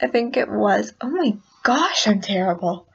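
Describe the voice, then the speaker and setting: Slow-talking woman vlogger, lo-fi. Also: medium pitch, lively intonation, creaky, slightly rough. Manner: self-deprecating, giggly asides. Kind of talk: casual vlog. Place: indoors at night, dim room. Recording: dull lo-fi recording.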